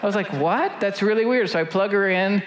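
A middle-aged man preaching a sermon as pastor, rising to loud, high-pitched exhortation and dropping low and slow for storytelling. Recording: echoey room with faint noise.

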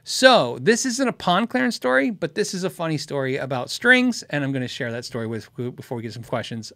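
Animated high-voiced man telling a story. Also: a little fast, hardly any pauses, dry recording. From Tucson, Arizona. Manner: animated, laughs often, acts out quotes. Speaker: host of a guitar Q&A show. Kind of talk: casual storytelling.

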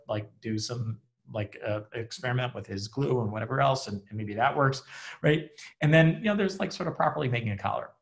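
A man with a gravelly, creaky voice gives a casual online class, chatty and joking and full of fillers. He speaks into a computer mic on a video call from home. His pitch sits in a middle range. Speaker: rabbi and relationship teacher.

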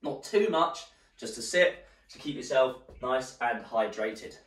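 Exercising along with his class, an encouraging male instructor sounds slightly out of breath, his lively mid-range voice a little slow as it rises and falls through the round countdowns. The mic is distant and the room echoes.

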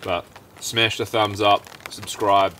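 A man's voice: lowish voice, takes it slowly. Chatty man camping in heavy rain. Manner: chatty and upbeat, talks while eating. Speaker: outdoor vlogger. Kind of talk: casual camping vlog. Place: outdoors at a campsite under a shelter in rain. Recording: heavy rain noise outdoors. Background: steady rain and fire crackle.

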